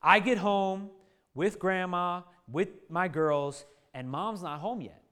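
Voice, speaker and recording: A man in his thirties telling a funny family story to a live audience, lively and joking, often laughing at his own lines. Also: high-pitched, slow pace. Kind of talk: animated anecdote to a live audience.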